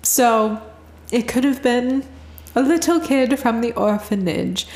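A woman's voice: on the high side, slow, a little mellow, roomy sound. A woman co-hosting a podcast, telling a story in casual chat, chatty and giggly with lots of fillers. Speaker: podcast co-host.

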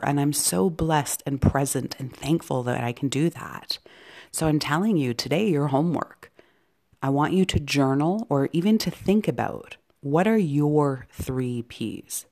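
A woman who is a podcast host and psychic medium leads an inspirational podcast, speaking encouragingly and often slipping into soft, whispery asides. Her voice has a rumbling low quality.

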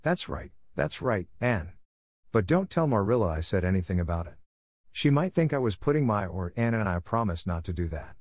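A shy, kindly old farmer from a storybook, voiced by a man. He speaks gently and hesitantly in a fairly low voice. The sound is dry and close. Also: very animated, moderate pace, no room sound. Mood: coaxing.

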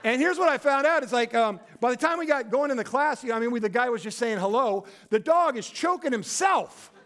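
A male pastor preaching a sermon in a storytelling way, acting out quoted voices and dropping to a quiet, low voice for emphasis. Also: expressive, a little fast.

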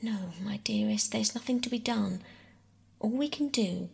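A woman softly voicing a weary, tender mother in a whispered role-play reading. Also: mid-range voice, a little slow, gravelly, husky, exaggerated voice. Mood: bitter, tender. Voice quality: soft whisper. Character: weary, tender mother, grieving but firm.

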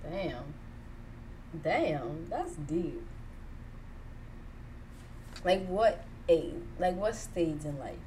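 Woman in her 20s from kenya, kinda low voice, just chatting candid and rambly, little hiss. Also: big pitch swings, extremely slow, pauses often, mellow, low-quality recording. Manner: candid, rambling with many fillers. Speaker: podcast co-host, interviewee. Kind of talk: casual chat.

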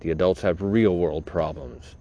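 A man with a low, deep voice goes off on a sarcastic, rambling comedic rant. He swears freely and wanders between points. Faint noise sits underneath. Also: normal speed, mellow, highs cut off. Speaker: podcast host.

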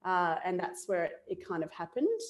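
A woman's voice: lowish voice, normal speed. A middle-aged Australian woman, a guest on an interview show, telling a personal story in a casual way. She laughs often and acts out what she was thinking at the time. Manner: animated, laughs often, acts out her own past thoughts.

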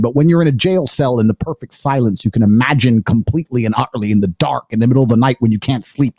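A man in his thirties hosting a live stream, talking in a boastful, insistent way that builds to loud emphasis. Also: mid-range voice, dry recording. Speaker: livestream host.

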